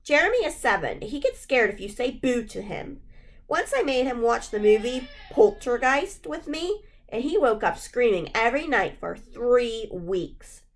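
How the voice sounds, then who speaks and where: A woman reading a spooky children's novel aloud in steady, measured first-person narration. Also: fairly high pitch. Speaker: audiobook reader.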